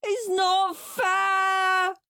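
A woman voicing a loud, bratty young boy who whines and shrieks. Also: extremely high pitch, a little slow, no echo, studio quality, pitched above the performer's own voice. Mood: wailing. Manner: whining, shrieking.

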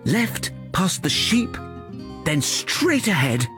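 A man reading a picture book gives voice to a tiny ladybird, squeaky and high above his own voice. She is earnest and urgent, her pitch leaping about as she tells her news. Soft music plays faintly underneath. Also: slow, full character voice. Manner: high, squeaky, excited telling. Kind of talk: storybook read-aloud.

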